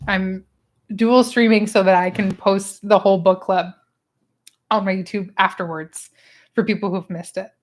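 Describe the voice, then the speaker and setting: A woman's voice: mid-range voice, moderate pace. Chatty woman hosting a book club. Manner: chatty and expressive, laughs often. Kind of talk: casual livestream book chat. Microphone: small clip-on microphone.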